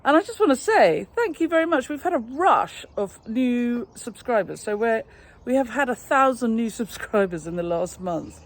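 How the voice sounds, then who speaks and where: A woman's voice: a little high, big pitch swings, normal speed. An English woman, a flower farmer, chatting casually as she gives a rambling, self-amused tour of her garden outdoors by her back door. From England.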